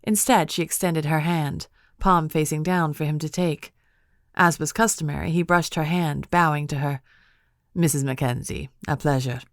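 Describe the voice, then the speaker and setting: A woman narrating a cozy mystery audiobook in a measured, even storytelling manner, close to a studio mic. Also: low voice, dry recording. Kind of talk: scripted narration.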